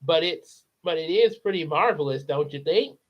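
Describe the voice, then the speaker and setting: A man voicing a proud, eager young boy in a storybook reading, stammering with excitement. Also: fairly high pitch, moderate pace, dull audio. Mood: matter-of-fact.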